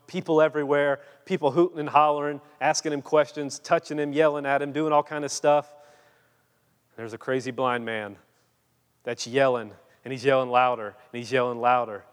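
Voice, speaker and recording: A male preacher delivering a dramatic sermon, full of rhetorical questions and acted-out scripture quotes. His voice sits in an ordinary middle pitch and carries a long reverb, as in a large hall. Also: steady tone, brisk, clean tone.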